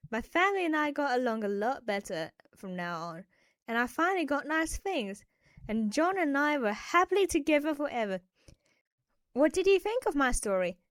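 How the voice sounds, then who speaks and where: A woman narrating an animated first-person story, telling it expressively and addressing viewers at the end. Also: sits high, no echo.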